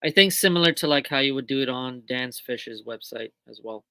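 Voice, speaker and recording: A woman's voice: very deep voice, a little fast, sharp tone, dry recording. A woman hosting a casual live stream from a small shop, chatty and full of ums and self-corrections. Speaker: shop host on a livestream. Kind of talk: casual live product walkthrough.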